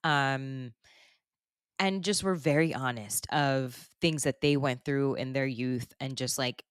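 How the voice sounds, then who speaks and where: A woman's voice: extremely low pitch, takes it slowly, clear, resonant tone, no echo, studio quality. A woman hosting a podcast, talking in a candid, rambling way full of "like" and "basically". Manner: rambling, candid, heavy use of fillers like "like" and "basically". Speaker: podcast host. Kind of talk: casual chat.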